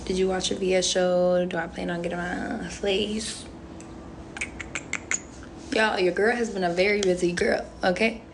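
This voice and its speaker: A woman's voice: lowish voice, flat delivery, a little slow, creaky, long pauses, noisy background. A young woman chatting casually on a phone livestream, answering viewer comments with lots of "um" and "like" in a playful, rambling way. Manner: chatty and playful, heavy on fillers like "um" and "like". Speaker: reality show contestant on a livestream.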